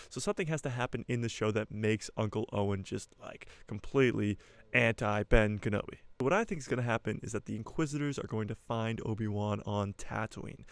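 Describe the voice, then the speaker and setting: A young man hosting his own channel, giving casual, jokey fan commentary in an excitable way. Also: lowish voice, gravelly, smooth, dry recording. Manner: excitable, jokey, speeds up and slows down. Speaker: YouTuber host.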